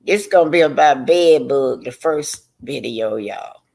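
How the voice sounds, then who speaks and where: A man's voice: medium pitch, a little slow, vocal fry, darkish tone. A man hosting reaction commentary, emphatic and heated, often repeating himself and stumbling over words. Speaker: commentary host. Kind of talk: reaction commentary on video clips.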